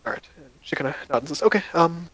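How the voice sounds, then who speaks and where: A man narrating as game master in a loose, relaxed storytelling manner. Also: on the high side, racing, breathy edge, no room sound, rough recording.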